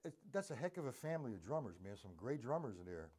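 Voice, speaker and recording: A man's voice: mid-range voice, very animated, fast, darkish tone, slightly rough. A man teaching a live drum lesson, rambling between points and counting beats aloud as he plays.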